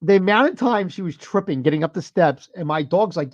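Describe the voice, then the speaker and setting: A man in his thirties, a podcast co-host, telling a story in a profane, animated, casual way. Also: high-pitched, a little fast, dry recording, lo-fi sound.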